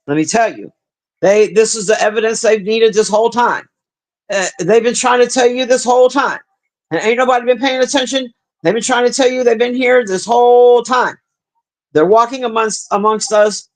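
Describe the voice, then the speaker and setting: A man livestreaming, chatting casually and crudely with his viewers in a rambling way. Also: sits high. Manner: profane, chatty, talks to the chat. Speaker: livestream host.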